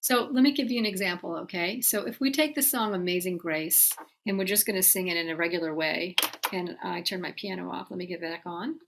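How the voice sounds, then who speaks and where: A woman's voice: lowish voice, fairly quick. A woman voice teacher giving a singing lesson, explaining patiently and talking directly to her students. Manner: breaks off to sing short demonstrations.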